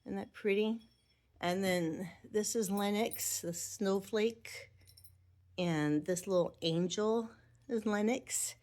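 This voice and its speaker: A woman's voice: medium pitch, slow, darkish tone. A middle-aged woman chatting fondly at home by her Christmas tree, thinking aloud as she shows her ornaments. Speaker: Avon representative. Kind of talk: casual home vlog.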